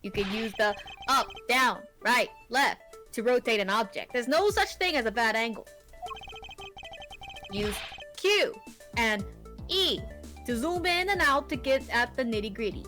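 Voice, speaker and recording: A woman's voice: on the high side, animated, a little slow, long pauses, sharp tone, faint music behind. A woman voicing a brash, friendly male police detective from a game, in a casual tough-guy tone. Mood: instructive. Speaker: game player reading lines. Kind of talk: playful game voice-over reading.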